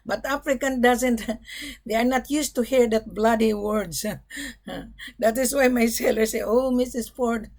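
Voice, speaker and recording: A woman's voice: fairly high pitch, a little slow, darkish tone. A middle-aged woman gold broker talking to camera in a blunt, emphatic monologue, often swearing "bloody".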